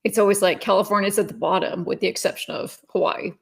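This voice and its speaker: A woman co-hosting a podcast, chatty and quick to laugh. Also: medium pitch, fairly even intonation, creaky, breathy edge. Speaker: podcast co-host. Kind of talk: casual political chat.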